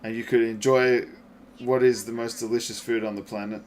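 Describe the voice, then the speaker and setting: A man streaming a game and chatting with his viewers, swearing freely, laughing often and reacting loudly to their messages. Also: mid-range voice, little pitch movement, a little fast, a little hiss or hum. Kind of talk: casual gaming livestream chat.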